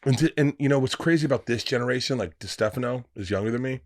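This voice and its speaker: Man, 50s, comedian guest, casual podcast chat, profane, animated, does voices in anecdotes. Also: medium pitch, fast talker, dry recording, studio quality. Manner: profane, animated storyteller acting out quotes.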